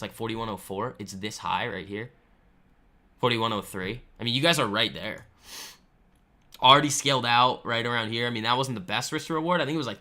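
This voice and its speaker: A man with a bright, forward voice hosts a live trading stream from home. He talks loosely and confidently, full of fillers, with a touch of swagger as he answers the chat. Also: medium pitch. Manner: chatty and boastful, lots of fillers. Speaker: trading livestream host. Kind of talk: casual live market commentary, answering chat. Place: home room.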